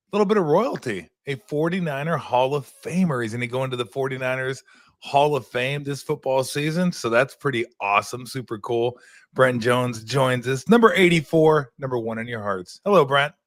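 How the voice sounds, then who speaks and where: A man's voice: mid-range voice, normal speed, a bit bright, no room sound, studio quality. A man hosting a talk show, asking long, rambling, enthusiastic questions in a casual way. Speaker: host. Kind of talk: casual interview chat.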